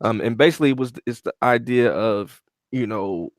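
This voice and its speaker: A man's voice: medium pitch, moderate pace, no echo. Slangy man explaining beat gear. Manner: slangy, explains with many restarts. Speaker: podcast co-host, producer. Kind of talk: casual chat about music production gear.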